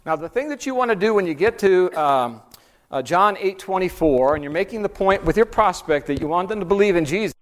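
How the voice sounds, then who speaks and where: A man's voice: sits high, lively intonation, brisk. A man teaching a church Bible class, talking through an outline in a conversational way and pressing hard on key points. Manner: conversational, rising emphatic when stressing points.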